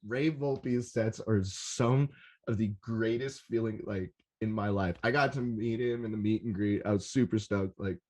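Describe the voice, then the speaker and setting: A young man hosting a rave podcast, talking in an excitable, rambling way and swearing often. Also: fairly low pitch, moderate pace. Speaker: podcast host. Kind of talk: casual solo podcast recap.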